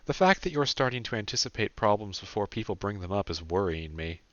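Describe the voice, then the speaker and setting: A man's voice: on the low side, animated, brisk, fairly bright tone, dry recording, muffled recording. A man voicing a thoughtful, slightly fretful young man. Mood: earnest. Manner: earnest, wry, slightly worried.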